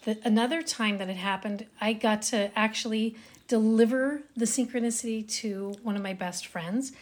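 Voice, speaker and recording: Relaxed woman podcast host, mid pitch. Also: moderate pace. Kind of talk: casual storytelling chat.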